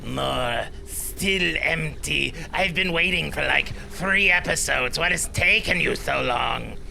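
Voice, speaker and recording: A man voicing a mysterious hooded fish collector in a video game, with a drawn-out, impatient drawl. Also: a little high, vocal fry, bright, forceful tone, a little hiss or hum, heavily acted. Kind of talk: voicing game characters in a let's play.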